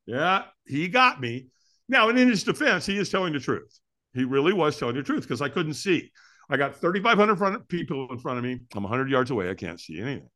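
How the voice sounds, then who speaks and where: A man who is a podcast guest, telling a story in an excitable way, acting it out with sound effects and laughs. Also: a little high, brisk. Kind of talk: animated storytelling.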